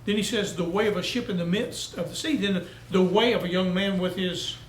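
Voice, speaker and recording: A man's voice: sits high, brisk, echoey room, slight background noise, rough recording. A male pastor preaching a sermon, telling down-home country stories and building to emphatic peaks. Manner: folksy storytelling preacher, rising to emphatic peaks.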